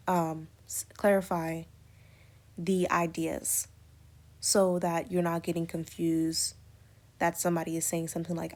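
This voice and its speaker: A woman's voice: on the low side, darkish tone. A woman teaching an English lesson, explaining punctuation step by step with many spoken examples and fillers. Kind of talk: recorded lecture on punctuation.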